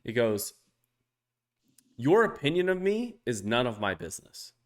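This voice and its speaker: A man co-hosting a podcast, telling stories in casual chat with lots of swearing. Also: measured pace. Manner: profane, animated storytelling, jumps high when quoting others. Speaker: podcast co-host.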